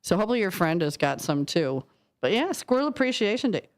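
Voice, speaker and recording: A woman hosting a casual radio chat in a studio, talkative and quick to laugh, firing off questions. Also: medium pitch, sing-song. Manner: chatty and giggly, quick questions. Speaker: radio host. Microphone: studio microphone.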